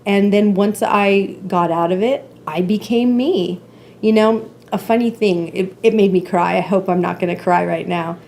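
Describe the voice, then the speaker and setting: A woman's voice: mid-range voice, moderate pace, gravelly, darkish tone, a little hiss or hum. A woman in her forties, a podcast guest, talking openly and emotionally in a casual conversation. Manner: open, emotional, candid storytelling.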